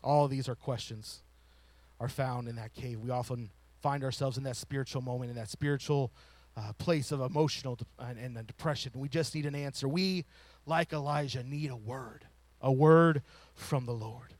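A man preaching a sermon, rising to loud emphatic lines and falling to soft hushed ones. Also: mid-range voice, moderate pace, no echo. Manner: drops to a whisper to show a still small voice.

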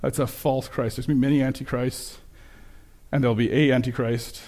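Male pastor, mid-pitched voice, relaxed preacher who slips into lively quoted voices. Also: fairly quick. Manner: conversational, self-correcting, animated when quoting. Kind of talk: sermon with slides.

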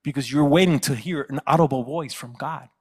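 Male pastor, story-driven sermon, mid pitch, long church reverb. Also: fairly quick, husky. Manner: storytelling, acting out quoted voices.

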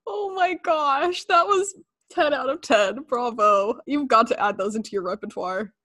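A woman's voice: high voice, unhurried, bright, forceful tone. A young adult woman in casual chat, giggly and effusive.

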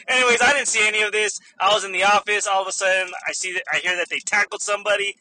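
A man's voice: high voice, fairly even intonation, quick pace, sharp tone. A young man, a store manager, animatedly telling a story in a casual vlog, swearing freely and laughing often.

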